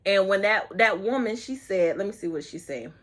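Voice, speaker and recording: A woman giving a casual, chatty movie review to her viewers, sassy and expressive, stretching words and calling people honey and child. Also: medium pitch. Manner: sassy and expressive, drawn-out words, breaks into snatches of song; talks straight to viewers with terms like honey and child. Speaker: YouTube vlogger reviewing a movie.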